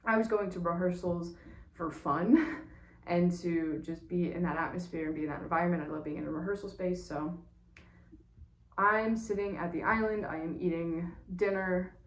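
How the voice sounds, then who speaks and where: A woman who works in stage management, telling a casual personal story in a lively way, with small laughs and quick restarts. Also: fairly low pitch. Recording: roomy echo, distant from mic.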